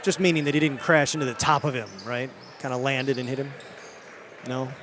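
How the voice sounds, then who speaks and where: A man with a Michigan accent calling a high school basketball game play by play, quick and rising for big plays. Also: steady tone. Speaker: play-by-play announcer. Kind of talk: live basketball commentary. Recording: gym ambience, bouncing ball noise.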